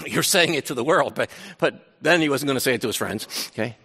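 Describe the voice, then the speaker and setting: A man preaching a sermon, paraphrasing scripture in a conversational, animated way with frequent restarts. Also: mid-range voice, fairly quick, husky, long reverb tail. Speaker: pastor.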